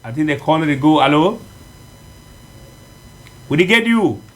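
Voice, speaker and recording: A man with a Cameroonian Pidgin English accent, hosting radio news and a phone-in show in a lively, chatty way. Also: fairly high pitch, normal speed. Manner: lively, chatty presenting with fillers. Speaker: news presenter and call-in host.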